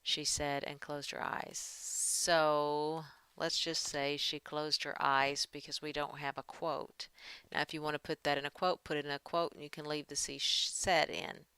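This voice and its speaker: A woman's voice: deep voice, level tone, a little slow, pushed and bright, smooth, no room sound. A woman giving a writing lesson, talking through edits as she works and reading draft passages aloud. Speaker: writing teacher. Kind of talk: screen-share editing lesson.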